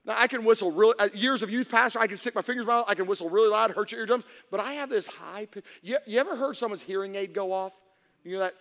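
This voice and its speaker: A man preaching a humorous sermon to a congregation, telling stories in an animated way that swings from hushed to shouting. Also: sits high, fast talker. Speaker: pastor. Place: church hall before an audience. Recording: reverberant hall.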